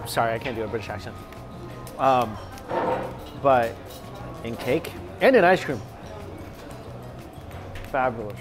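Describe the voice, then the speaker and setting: A man's voice: mid-range voice, lively intonation, unhurried, long pauses. A man hosting a casual food vlog, chatty and enthusiastic as he tastes dishes and recommends them. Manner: enthusiastic, chatty, savoring food between lines. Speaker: food vlogger host. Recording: music bed under the voice.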